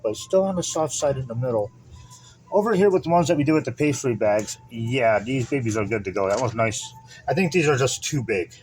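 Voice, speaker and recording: A man's voice: medium pitch, darkish tone, a little hiss or hum, low-quality recording. A man hosting a casual home cooking vlog, rambling and joking at himself as he talks through the recipe. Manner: rambling, self-deprecating, chatty asides. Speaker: channel host.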